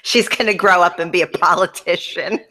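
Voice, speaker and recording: A woman's voice: lowish voice, normal speed, bright, forceful tone, a little hiss or hum. A woman co-hosting a casual gossip chat, blunt and exasperated, swearing freely as she recaps a reality show. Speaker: podcast co-host, former wrestler.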